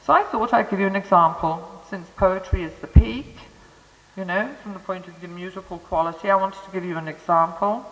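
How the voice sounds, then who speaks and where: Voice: mid-range voice, a little fast, a bit bright. A lecturer giving a conversational talk on Montessori education, with thoughtful, chatty asides to the audience through a microphone. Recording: long hall reverb.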